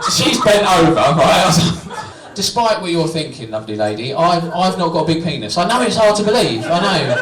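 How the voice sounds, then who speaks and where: A man's voice: a little high, very animated, normal speed, hardly any pauses, very noisy. A young man doing a stand-up comedy set, cheeky and self-mocking, chatting with the crowd. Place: small comedy venue with live audience. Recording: roomy, distant, crowd laughter. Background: audience laughing and cheering.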